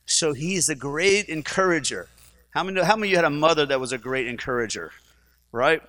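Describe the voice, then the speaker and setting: A man's voice: fairly high pitch, brisk, pushed and bright, rough recording. A man, a pastor, preaching a sermon in a conversational, joking way and asking the congregation questions.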